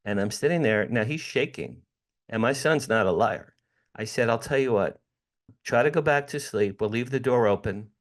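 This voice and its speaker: A middle-aged man, a guest in an interview, telling a personal story with animated, dramatic delivery. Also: mid-range voice, normal speed.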